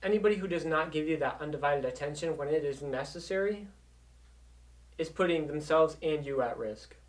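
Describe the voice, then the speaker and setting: A man acting as a life coach gives a fairly quick motivational talk to camera, earnest and insistent, circling back to repeat his main points. His voice sits fairly high for a man and sounds a little distant from the microphone.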